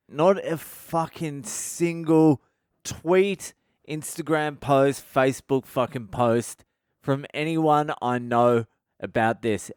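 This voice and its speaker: A man talks straight into the mic in a casual, profanity-heavy comedic monologue, ranting and storytelling as a podcast host. His voice is smooth and full at a middling pitch. The sound is dry and close, with no room echo.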